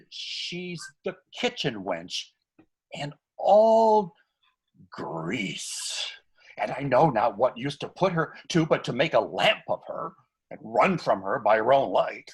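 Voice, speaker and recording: A man's voice: medium pitch, husky, full character voice. An actor reading a frantic comic male servant in a live online Shakespeare scene, talking over a video call. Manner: excitable, wildly swooping delivery.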